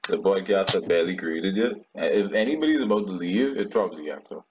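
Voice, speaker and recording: Laid-back young man, low voice, lo-fi. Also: lively intonation, fast, a little mellow. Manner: laid-back slangy banter, laughs often. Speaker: podcast co-host. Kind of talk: casual chat. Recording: dull lo-fi sound with faint noise.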